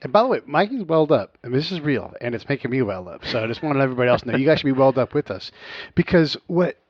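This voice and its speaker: Earnest, swearing podcast host. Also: male voice, medium pitch, big pitch swings, rapid-fire, no room sound, highs cut off. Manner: earnest, profane, talks straight to listeners. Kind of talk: casual interview.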